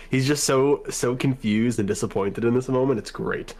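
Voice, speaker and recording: A man co-hosting a podcast, speaking casually and bluntly, quick to criticize. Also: medium pitch, darkish tone. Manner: blunt and critical, calls things stupid. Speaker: podcast co-host. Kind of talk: casual fan discussion.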